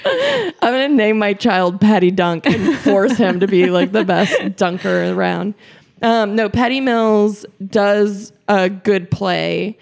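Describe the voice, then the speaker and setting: A woman's voice: medium pitch, lively intonation, slow pace, vocal fry. A young woman co-hosting a podcast, chatting casually about a basketball game, with lots of fillers, restarts and giggles. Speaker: podcast co-host.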